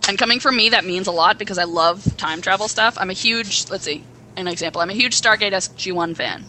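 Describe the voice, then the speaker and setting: Excitable young woman with a bright voice. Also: mid-range voice, brisk, slight background noise, rough recording. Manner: excitable, rambling plot retelling with acted quotes. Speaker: podcast co-host. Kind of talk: casual chat.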